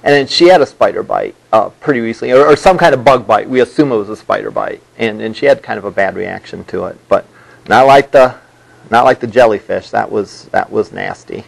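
A man's voice: lowish voice, a little fast, creaky, low-quality recording. A male college instructor giving a classroom lecture, rambling with many restarts and repeated words.

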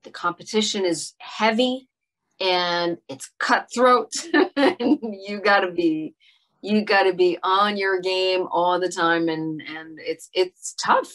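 A middle-aged woman with a slightly low voice speaks thoughtfully in a casual interview. She often hesitates, leans on fillers and starts her sentences over. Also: fairly even intonation, takes it slowly, a bit bright. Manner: reflective, hesitant with many fillers and restarts. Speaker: actress guest.

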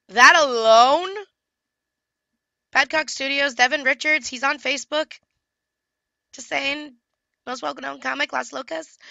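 A young woman vents in a casual vlog rant, her voice bright and sharp. She sounds exasperated and swears freely as she talks. The sound is dry and close, with no room around it. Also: high voice, no echo. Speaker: comic book colorist and vlogger.

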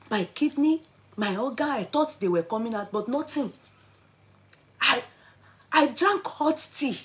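Her pitch sits on the high side as she tells her story on camera. She's a middle-aged Nigerian-accented vlogger, lively and theatrical, slipping between English, pidgin and Yoruba.

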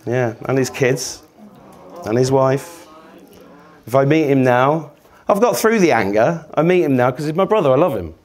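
A man, giving a sweary, rambling, self-mocking comic talk to a live audience. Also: mid-range voice. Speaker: podcast host giving a talk.

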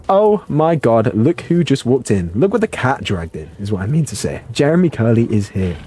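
A young man doing live gameplay commentary, playful and excitable, reading chat and yelping at the action. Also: normal speed, husky. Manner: playful and excitable, jumping to high yelps. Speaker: streamer.

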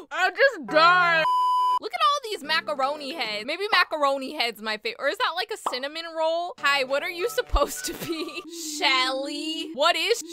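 A woman commentating her own gameplay in a playful, excitable and chatty way, often gasping and laughing. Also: sits high, normal speed. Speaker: gaming YouTuber.

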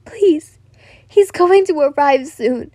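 A woman's voice: sits high, fairly even intonation, drawn-out words, warm tone, no room sound, pitched above the performer's own voice. Frightened young woman voiced by a woman, tearful, urgent, dry close sound. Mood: desperate. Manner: sobbing, urgent, begging.

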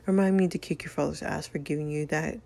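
A woman's voice: low-pitched, steady tone, quick pace, creaky, darkish tone. A woman voicing an exasperated mother in a story game, scolding in a dry way.

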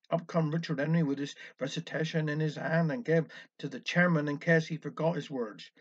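A man's voice: on the high side, steady tone, brisk, few pauses, slightly rough. Wry Cornish man telling a dialect story. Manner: wry, anecdotal. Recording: dull lo-fi recording.

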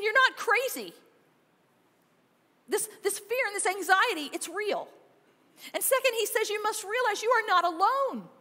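A woman pastor preaching a sermon, emphatic, moving between loud urging and quiet, intimate passages. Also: high-pitched. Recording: long reverb of a church hall.

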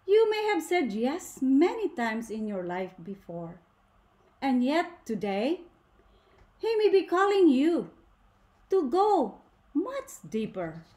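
A woman giving a faith talk to a women's gathering in a deliberate, emphatic way, asking rhetorical questions. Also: high-pitched, very animated, warm tone. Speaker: speaker at a women's ministry gathering.

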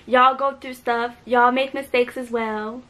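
A teenage girl with a bright, slightly high voice speaks to her viewers at home. She talks hesitantly and earnestly, pausing often with soft fillers. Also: steady tone. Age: teens. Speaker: vlogger. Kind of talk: emotional apology video.

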